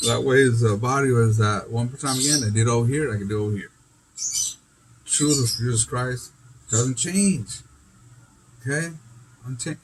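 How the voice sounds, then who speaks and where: A man delivering a rambling, disjointed, profane monologue, his voice jumping suddenly in loudness and pitch. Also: noisy background. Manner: rambling, disjointed, heavy swearing.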